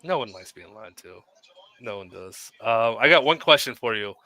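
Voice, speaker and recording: A man's voice: mid-range voice, lively intonation, normal speed, pushed and bright, no room sound. A male host in a casual chat with a guest, passing along questions from viewers. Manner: conversational, asks questions from viewers.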